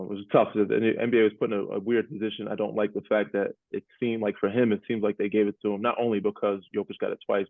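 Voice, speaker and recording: A man's voice: on the low side, no echo. A man hosting a podcast, chatting casually about basketball in a laid-back way, often laughing and repeating himself. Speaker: podcast host, former NBA player. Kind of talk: casual sports chat. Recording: tinny phone-like audio.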